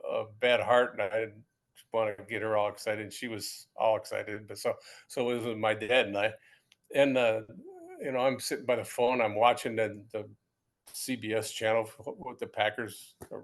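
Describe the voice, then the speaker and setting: Older man rambling through a story. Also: mid-range voice. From United States. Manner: rambling, repeats words and restarts, laughs while telling stories. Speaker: guest, former pro football player. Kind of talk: casual storytelling interview.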